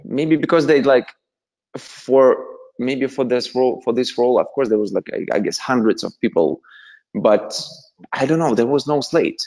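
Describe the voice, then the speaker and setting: A man's voice: mid-range voice, moderate pace. Man with a Russian accent telling stories. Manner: animated, laughing anecdotes with many fillers. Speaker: interview guest, actor. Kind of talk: casual storytelling interview.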